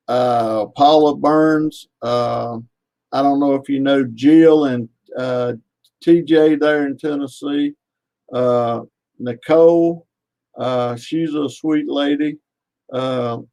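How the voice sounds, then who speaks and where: A man talking casually as a radio guest, halting and full of fillers. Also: a little high, darkish tone. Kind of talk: casual interview chat.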